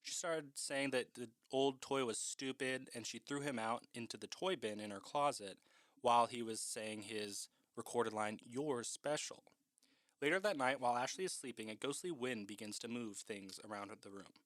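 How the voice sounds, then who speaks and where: A man's voice: mid-range voice, moderate pace, a bit bright, dry recording, studio quality. A man casually recapping a horror film in a chatty, profane way, with lots of "like".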